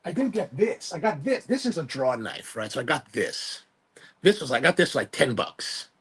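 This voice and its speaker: A man's voice: fairly high pitch, sing-song, moderate pace, fairly bright tone, breathy edge. A man hosting a live stream, rambling casually and self-deprecatingly while reading viewer comments aloud. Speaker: livestream host.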